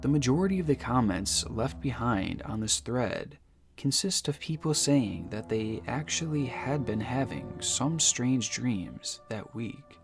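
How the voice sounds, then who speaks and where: A man giving scripted, suspenseful mystery narration, measured and slowing down for dramatic phrases. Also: mid-range voice, gravelly. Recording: narration over music.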